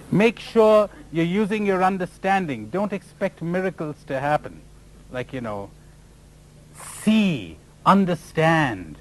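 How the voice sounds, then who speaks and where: Male spiritual teacher, animated storyteller with a lively, fairly high voice. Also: low-quality recording. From India. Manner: animated storyteller, laughs at own jokes.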